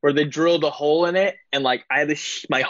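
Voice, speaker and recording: A man's voice: a little high, fairly even intonation, fast talker, fairly bright tone, dry recording. Male guest, matter-of-fact teller, muffled lo-fi sound. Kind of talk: casual video-call chat.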